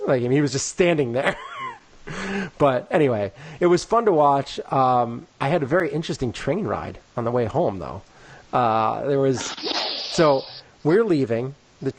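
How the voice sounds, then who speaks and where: A man co-hosting a casual podcast, telling a long story in a rambling way full of "like" and "you know," and acting out the people he quotes. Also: mid-range voice. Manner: acts out quoted people in lively voices. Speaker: podcast co-host.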